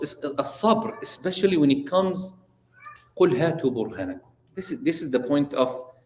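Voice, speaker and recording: A man, an imam, giving a religious lesson in an animated storytelling way and asking his listeners questions, in a mosque hall. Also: on the high side. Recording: roomy echo.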